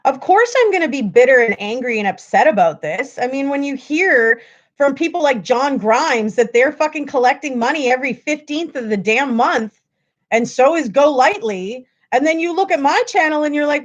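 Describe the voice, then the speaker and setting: A woman's voice: sits high, animated, moderate pace, highs cut off. A woman hosting a livestream, ranting at her viewers in a frustrated, profane way. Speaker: livestream host.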